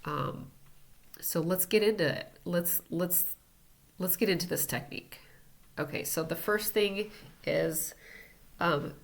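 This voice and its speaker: A woman teaching an energy healing technique in a casual, relaxed way, talking as she demonstrates tapping on herself. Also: fairly low pitch, slow, vocal fry, pauses often. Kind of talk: casual instructional talk.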